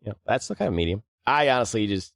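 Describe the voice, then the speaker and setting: A man's voice: lowish voice, lively intonation, fast talker, vocal fry, dry recording, clean studio sound. A man co-hosting a casual book podcast, teasing and joking. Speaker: podcast co-host.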